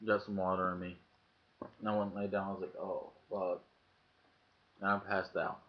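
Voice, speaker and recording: Sitting low in pitch with a level tone, a vlogger talks fast as he casually tells his webcam a story, swearing freely and voicing the people he quotes. Dull, lo-fi audio comes through his webcam mic.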